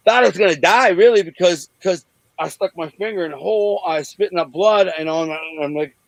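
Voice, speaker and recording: A man in his forties from Detroit, bluntly telling rough stories in an interview over a video call, rambling with many restarts. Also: high voice, fast, dry recording, low-quality recording. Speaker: interview guest. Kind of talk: candid storytelling in an interview.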